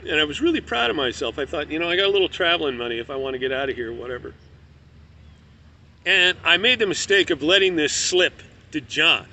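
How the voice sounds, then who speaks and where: High, bright-voiced man telling a story. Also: a little hiss or hum. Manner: candid, profane, conversational. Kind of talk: casual spoken storytelling.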